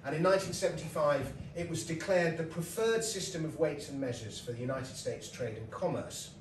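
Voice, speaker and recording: A man's voice: fairly high pitch, fairly quick, a little hiss or hum. Chatty British man lecturing in a roomy hall. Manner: chatty storytelling with laughs and asides. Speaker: lecturer and comedian. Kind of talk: comic lecture. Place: lecture hall with live audience. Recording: roomy hall mic from a distance.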